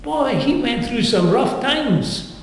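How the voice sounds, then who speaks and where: An older man preaching a sermon, with earnest, dynamic delivery that surges up in pitch and volume. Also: lively intonation, slow, slight background noise. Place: chapel. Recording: echoey chapel with long reverb.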